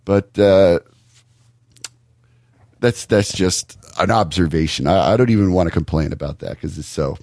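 Low-voiced man in casual podcast chat. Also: darkish tone, no echo. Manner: thoughtful, halting with restarts. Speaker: podcast co-host.

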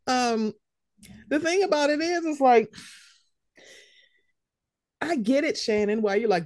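Blunt, animated woman podcast host. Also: high voice, a little slow, pauses often, dry recording, clean studio sound. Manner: blunt, profane and animated, often mimicking others. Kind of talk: casual sports commentary chat.

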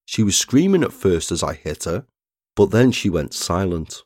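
Low-voiced man narrating true crime. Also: sing-song, a little mellow, dry recording, clean studio sound. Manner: measured, reads statements aloud plainly.

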